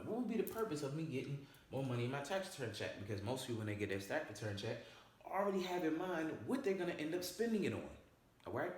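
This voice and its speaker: A man talks through a personal finance lesson with an emphatic, repetitive style, tagging each point with "okay?" or "all right?". His voice sits at a middle pitch. The sound bounces around a very echoey room. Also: a little hiss or hum. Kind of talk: casual explainer video.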